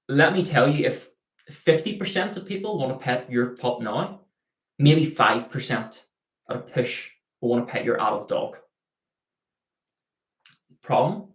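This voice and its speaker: During a live Q&A, a dog trainer with a medium-pitched voice answers viewer questions, using everyday analogies and acting out what the dog is thinking. His voice has a roomy sound.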